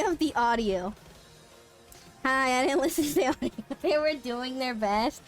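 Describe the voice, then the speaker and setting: Young female streamer, high voice, loose, swearing, laughing, casual live chat. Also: lively intonation, moderate pace, soft background music. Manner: rambling, sarcastic, laughing, swears freely.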